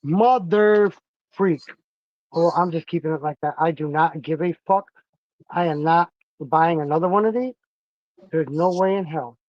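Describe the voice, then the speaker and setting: High-voiced, profane man streaming. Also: unhurried, long pauses, no echo, dull audio. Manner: profane, grumbling, greets chat viewers. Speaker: livestream host. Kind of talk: casual livestream chat while crafting.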